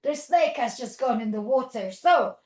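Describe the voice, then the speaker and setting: A woman's voice: a little high, animated, normal speed. A woman leading a toddler yoga class, praising and guiding the children through a playful animal story. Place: yoga studio. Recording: echoey room.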